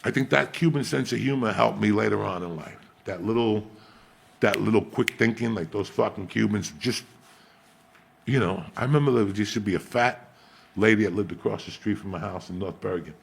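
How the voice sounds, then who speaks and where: A middle-aged man from Cuba, telling profane stories in an animated, casual chat as host. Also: on the low side, fairly quick, creaky, slightly rough. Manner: animated, profane storytelling with Spanish asides. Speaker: podcast host.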